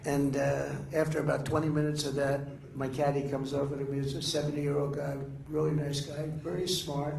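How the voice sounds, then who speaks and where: A man's voice: a little high, flat delivery, brisk, creaky, few pauses, darkish tone. An older man giving a rambling, off-the-cuff speech to a gathering, boastful and meandering, trailing off mid-sentence with frequent uhs. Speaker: speaker addressing a political gathering. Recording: echoey room with faint background noise.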